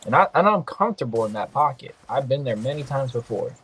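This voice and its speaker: A young man commenting on his own mobile game match, excitable and swearing freely, with quick apologetic asides. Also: mid-range voice, slightly rough. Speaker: gaming podcast host. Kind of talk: casual gameplay commentary.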